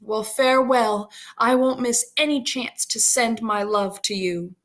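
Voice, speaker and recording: A woman's voice: a little high, steady tone, unhurried, fairly bright tone. Woman reading as a sarcastic young lover. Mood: tender. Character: young man torn, half sarcastic.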